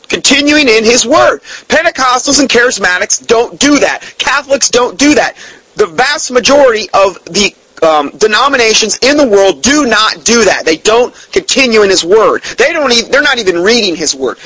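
A man's voice: high voice, pushed and bright, slightly rough, dry recording, rough recording. A man giving a blunt, emphatic Bible teaching, denouncing other churches and quoting scripture at length. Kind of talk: preaching-style Bible teaching.

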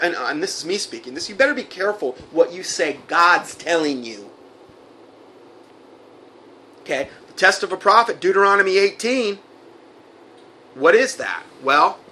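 A man with a high, pushed, bright voice preaches fiery commentary in sermon style, taken from a recording with slight background noise. He reads a letter aloud, then indignantly rebuts it.

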